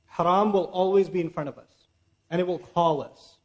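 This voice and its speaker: A man giving a religious lecture in an animated, conversational way, now and then reciting Arabic verses. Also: high voice, moderate pace. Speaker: Islamic lecturer.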